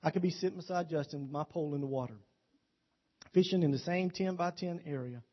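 A man preaching a sermon with a slightly high voice, folksy and quick to joke, spinning homespun stories for his listeners. The recording sounds dull and lo-fi. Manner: folksy, joking storyteller.

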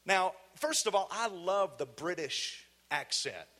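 Fiery high-voiced Southern preacher. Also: male voice, lively intonation, slow. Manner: fiery, shouting call-and-response with the congregation. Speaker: guest preacher. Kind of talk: energetic sermon. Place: church sanctuary.

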